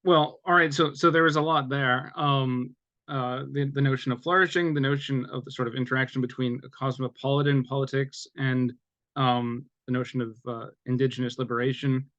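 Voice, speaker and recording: A man's voice: mid-range voice, fairly even intonation, moderate pace, a bit bright, no echo. Man in dry, dull academic talk. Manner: hesitant, many fillers and restarts. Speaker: author discussing his book. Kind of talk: academic conversation.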